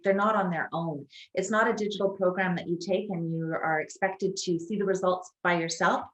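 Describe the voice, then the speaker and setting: A woman co-hosting a casual chat, explaining a coaching program with persuasive enthusiasm. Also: on the low side. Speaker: co-host promoting a coaching program. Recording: echoey room.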